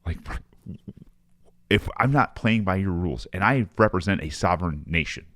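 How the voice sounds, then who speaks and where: A man co-hosting a podcast in casual political chat, animated and often repeating words as he gets going. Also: deep voice, normal speed, dry recording. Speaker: podcast co-host.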